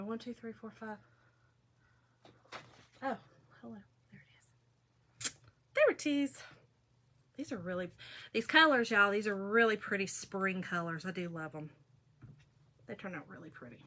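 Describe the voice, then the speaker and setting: A middle-aged woman with a sharp, mid-range voice talks at normal speed, pausing often. She hosts a craft video, speaking directly to viewers in a chatty, gossipy storytelling style while crafting.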